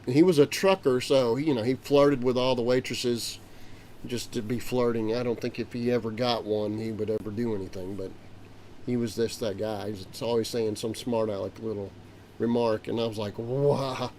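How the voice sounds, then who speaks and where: A man's voice: medium pitch, fairly even intonation, moderate pace, darkish tone, a little hiss or hum. A man hosting a livestream, casually telling a rambling family story with restarts. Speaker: host.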